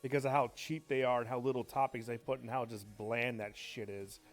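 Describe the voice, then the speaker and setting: A man's voice: medium pitch, fairly quick. Casual rambling guy streaming a game, swears a lot, gets worked up, faint music behind. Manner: rambling, profane, excitable. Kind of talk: casual chat while gaming.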